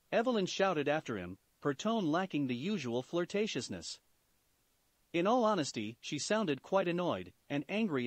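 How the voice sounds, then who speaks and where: A man narrating a fan fiction story aloud in an animated, expressive way. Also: fairly high pitch, moderate pace, dry recording. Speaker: story reader.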